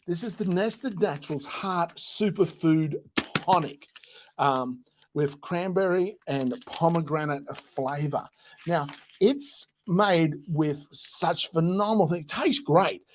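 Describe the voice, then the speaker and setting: A man's voice: a little high, a little mellow. An Australian man presenting products on a casual live stream, joking, chuckling and rambling through asides.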